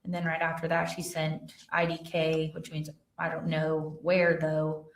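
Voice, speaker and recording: A woman with a very low voice testifies as an investigator, reading text messages aloud in a plain, steady way and pausing on fillers. She is picked up from a distance in a roomy, echoing courtroom. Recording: roomy courtroom audio from far off.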